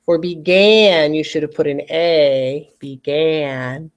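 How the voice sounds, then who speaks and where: A teacher giving a recorded phonics lesson to children, patiently speaking to the students and stretching words apart slowly to demonstrate their sounds. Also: medium pitch. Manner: patient, addresses young students directly.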